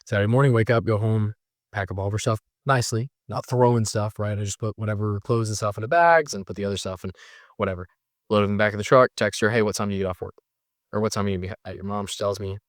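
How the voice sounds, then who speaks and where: A man telling a personal story in a casual, animated way, mocking himself and jumping high when exasperated. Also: no echo, clean studio sound. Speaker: storyteller recounting a breakup.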